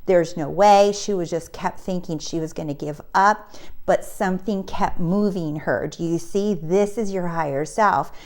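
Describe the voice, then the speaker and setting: A woman coaching on manifestation, telling a personal story in a casual, animated way and acting out the people in it. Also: on the low side, normal speed. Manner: animated, acts out the voices of people in her story; breaks into laughter mid-sentence. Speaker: manifestation coach and channel host.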